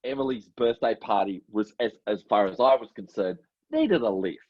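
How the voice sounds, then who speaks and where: Ein Mann mittleren Alters mit australischem Akzent, der als Co-Moderator locker und selbstironisch plaudert. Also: male voice, fairly low pitch, normal speed, no echo. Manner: easygoing, laughs along, self-mocking. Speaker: co-host. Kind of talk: casual comedy chat. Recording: dull, husky, dry lo-fi sound.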